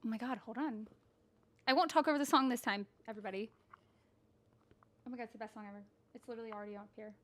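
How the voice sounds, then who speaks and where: A woman's voice: fairly high pitch, steady tone, fast, pauses often. A woman in her twenties co-hosting a casual podcast chat, bubbly and chatty, laughing often. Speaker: podcast co-host.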